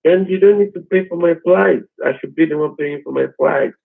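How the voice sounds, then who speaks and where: Raspy-voiced man on a dull phone line. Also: a little high, brisk. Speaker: scammer on the call. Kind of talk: phone conversation.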